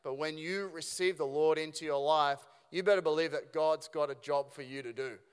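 Chatty pastor in a reverberant church hall. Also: male voice, a little high, fairly even intonation, moderate pace, smooth. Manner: casual, conversational preaching with rhetorical questions and restarts. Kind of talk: sermon. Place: church auditorium.

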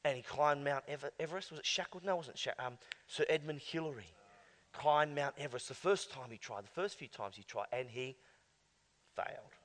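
A male pastor preaching emphatically, swinging between hushed asides and loud exclamations. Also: medium pitch, fairly quick. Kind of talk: sermon. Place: church. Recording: long church hall reverb.

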